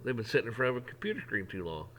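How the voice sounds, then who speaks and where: A man's voice: medium pitch, sing-song, racing, a bit bright, slight background noise. A middle-aged man talking in a casual, folksy way, rambling through an opinion monologue with frequent restarts. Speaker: vlogger.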